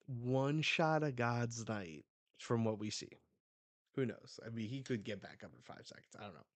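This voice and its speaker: A man hosting a live manga reading reaction, reading panels aloud with excited outbursts. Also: mid-range voice, normal speed, no room sound.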